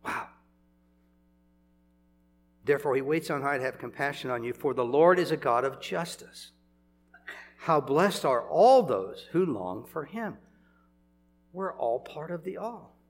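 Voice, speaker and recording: An older man preaching a sermon in a gravelly, slightly high voice. He talks in a chatty, conversational way, breaking into chuckles and then sudden emphatic swells. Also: expressive, a little slow, pauses often.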